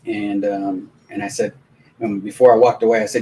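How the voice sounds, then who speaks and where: A man's voice: on the low side, moderate pace, slight background noise, rough recording. Rambling man telling a story on stream. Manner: rambling, animated anecdotes with many restarts. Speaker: live stream host. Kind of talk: casual storytelling on a live watch-along stream.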